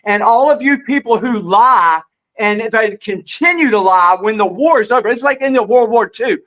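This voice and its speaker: A man's voice: high-pitched, normal speed, fairly bright tone, dull audio. A man arguing politics heatedly as a panel guest, talking over the others and insisting on making his point.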